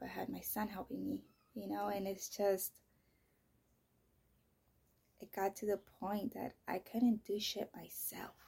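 Gravelly, husky woman telling a rambling story. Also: medium pitch. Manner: profane, rambling, full of "you know" and "like"; drifts into soft, breathy near-whispers. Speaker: podcast host. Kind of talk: casual personal storytelling.

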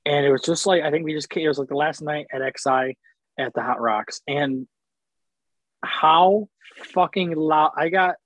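A man's voice: a little high, normal speed, dry recording, rough recording. A man, a professional wrestler, telling rambling profane stories in casual chat, often stopping to apologize.

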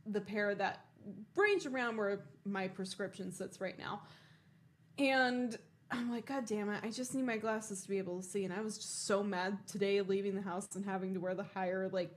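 A young woman co-hosting a podcast, telling animated, swear-filled stories and laughing often. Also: medium pitch. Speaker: podcast co-host. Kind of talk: casual chat.

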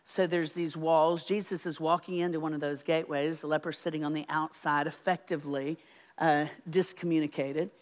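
Woman, sermon, lower voice, animated and folksy, quizzes the congregation. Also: normal speed. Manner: animated, folksy, asks the audience. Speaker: Bible teacher.

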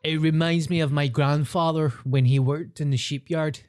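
A man's voice: on the high side, fairly even intonation, moderate pace, darkish tone, no echo, studio quality. A young Glaswegian man in casual, sweary podcast banter. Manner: sweary, laid-back banter. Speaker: podcast co-host. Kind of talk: casual chat.

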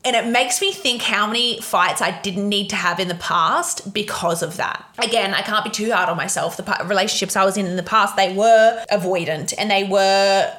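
A young woman hosts a solo podcast, speaking frankly and emotionally about relationships and swearing freely. Her mid-range voice has a fairly bright tone, moving at a moderate pace with few pauses.

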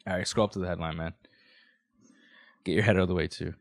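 A man's voice: low-pitched, fairly even intonation, fast. A man hosting a podcast in casual chat, laid-back, calling people dude and man. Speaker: podcast host.

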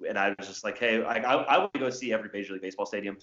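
A man's voice: lowish voice, very fast, fairly bright tone, reverberant, muffled recording. A young man co-hosting a casual podcast chat, rambling with lots of filler words. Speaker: podcast co-host.

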